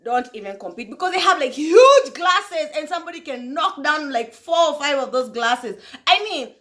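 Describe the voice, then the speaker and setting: Woman, bright, casual vlog storytelling, laughs often. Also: sits high, moderate pace. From Kenya. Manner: animated, laughs often, addresses viewers as guys. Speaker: talk show host.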